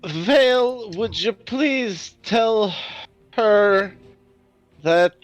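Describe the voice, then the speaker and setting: A man playing in a tabletop game, chatting casually and halting as he searches for words. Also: high-pitched, animated, soft background music. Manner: hesitant, halting. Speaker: player.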